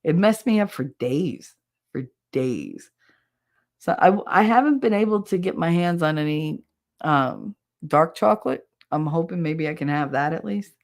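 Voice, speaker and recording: A woman's voice: sits low, animated, unhurried. A woman with a New Jersey accent, chatting casually on a live stream, reading out comments, laughing often and swearing freely.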